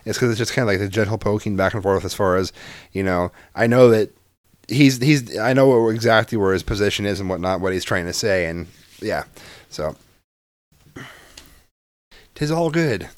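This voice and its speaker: A man's voice: on the low side, steady tone, brisk, no echo. A man and father chatting casually as a podcast co-host, rambling through stories with lots of restarts and swearing. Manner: rambling storyteller, swears freely, restarts a lot. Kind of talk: casual chat.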